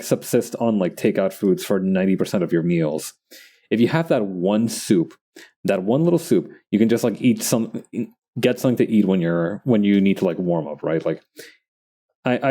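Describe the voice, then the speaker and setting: A man's voice: on the low side, mellow. A young man chatting casually while drawing on a live stream, rambling with lots of restarts and fillers and laughing at himself.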